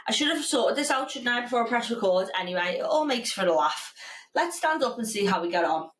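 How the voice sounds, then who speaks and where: A woman's voice: a little high, expressive, brisk, a bit bright, far from the mic, slight background noise. Breathless woman hosting her podcast, chatty and frank, in an echoey room a bit off the mic. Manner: chatty and candid, swears freely. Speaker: podcast host. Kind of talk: casual solo podcast talk. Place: home room with a standing desk.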